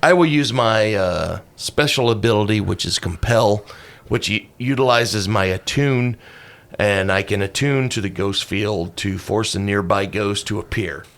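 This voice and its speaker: A man at a tabletop game who lays out his character's abilities step by step. His voice sits at a middle pitch and drops lower as he explains. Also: measured pace, fairly bright tone. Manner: methodical, explaining game rules. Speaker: player. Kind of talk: casual tabletop chat.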